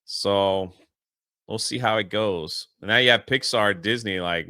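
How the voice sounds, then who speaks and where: A man's voice: on the low side, unhurried, bright, forceful tone, no echo, clean studio sound. An American man co-hosting a casual commentary chat, sarcastic and indignant, often laughing. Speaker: co-host.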